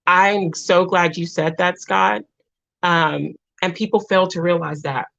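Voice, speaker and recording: Woman, livestream host, heartfelt rambling chat; dull low-fi stream audio. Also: steady tone, unhurried, gravelly, fairly bright tone. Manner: rambling, heartfelt, with many restarts. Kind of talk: emotional livestream chat with viewers.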